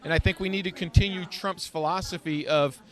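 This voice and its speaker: Man, political candidate, firm assertive pitch, fairly high voice. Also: steady tone, brisk. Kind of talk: campaign pitch in an interview. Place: indoor evening gala.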